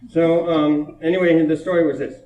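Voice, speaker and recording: Poet from Minnesota, chatty and amused, old live tape with lots of room echo. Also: male voice, a little high, little pitch movement, moderate pace, phone-quality sound. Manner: chatty and amused, laughing between anecdotes. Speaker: poet giving a reading. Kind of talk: informal talk at a poetry reading, retelling a child's stories. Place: college hall before an audience. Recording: roomy echo, distant mic, old reel-to-reel tape.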